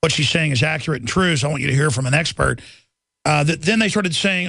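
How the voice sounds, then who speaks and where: Gravelly, high-pitched ranting radio host. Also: male voice, sharp tone, no room sound. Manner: rapid, intense ranting, mocking officials in sing-song voices. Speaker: radio talk show host. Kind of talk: talk radio monologue.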